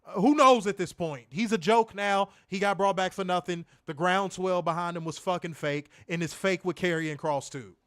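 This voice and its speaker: A man reviewing a wrestling show, ranting loudly with lots of swearing. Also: high voice, moderate pace, few pauses, smooth, dry recording, studio quality. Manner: loud profane ranting; calmer advice-giving. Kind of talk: ranting commentary.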